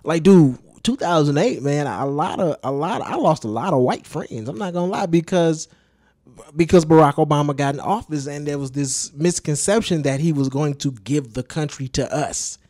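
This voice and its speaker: A man's voice: a little high, animated, normal speed, warm tone, no echo, clean studio sound. A man co-hosting a casual podcast, joking and asking his partner lots of questions. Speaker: podcast co-host. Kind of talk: casual chat.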